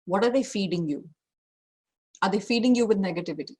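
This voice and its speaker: A woman's voice: medium pitch, expressive, a little fast, a little mellow, husky. A woman career coach giving an online masterclass over a video call, direct and emphatic, stressing her key points more than once.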